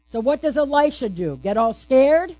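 A woman's voice: high voice, animated, normal speed, mellow. A woman pastor giving a sermon, asking the congregation questions and answering them playfully.

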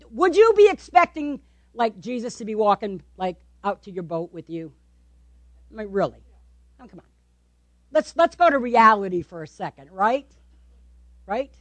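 A woman preaching a sermon, animated, repeating words for emphasis and asking the listeners questions. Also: a little high, dry recording.

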